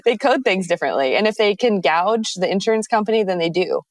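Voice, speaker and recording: A woman's voice: mid-range voice, expressive, fast talker, no room sound. A woman co-hosting a podcast in casual chat, emphatic and laughing often as she talks in long run-on stretches. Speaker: podcast co-host.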